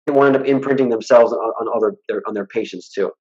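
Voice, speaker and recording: A fast-talking man of medium pitch, heard through dull audio, appears as a hypnotist guest in a relaxed interview. He's blunt and lively, voicing the people in his stories as he quotes them.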